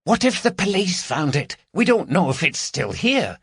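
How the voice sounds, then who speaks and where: A man's voice: fairly high pitch, sing-song, moderate pace, vocal fry, fairly bright tone, breathy edge, no room sound, studio quality, voice pushed up, full character voice. A man voicing a nervous, scolding woman burglar. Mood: anxious, scolding.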